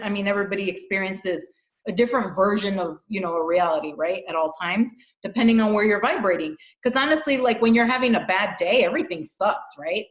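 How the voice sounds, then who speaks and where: Woman talking spiritual stuff, earnest and animated, echoey room, kinda dull sound. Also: medium pitch. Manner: earnest, animated storytelling with frequent restarts. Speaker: channel host. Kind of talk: casual spiritual chat.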